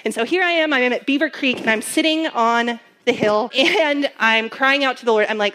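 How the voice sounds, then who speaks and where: A woman's voice: a little high, normal speed, pushed and bright. A young woman giving a personal testimony sermon as a campus minister, telling her story earnestly with many fillers.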